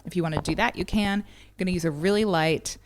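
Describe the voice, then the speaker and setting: A woman's voice: lowish voice, quick pace, a little hiss or hum. A woman teaching a ukulele lesson, patiently counting beats and calling out strum patterns. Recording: ukulele playing behind the voice.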